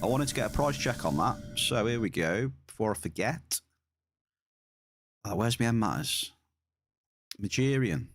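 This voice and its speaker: Low-voiced man chatting on stream. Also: expressive, moderate pace, pauses often, no room sound. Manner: chatty, repeats words while playing. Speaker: game streamer. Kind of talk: casual live-stream chat with viewers.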